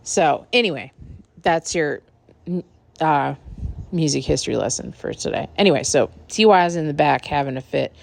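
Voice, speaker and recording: Deep-voiced woman with vocal fry, rambling casual storyteller. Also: moderate pace, no room sound. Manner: candid, profane, rambling.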